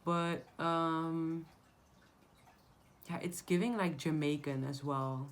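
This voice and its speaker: A woman with a somewhat low voice talks straight to her viewers as she reads tarot cards. She is blunt and emphatic and swears freely in a casual tone. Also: steady tone, slow pace. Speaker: tarot reader. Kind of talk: casual tarot reading to camera.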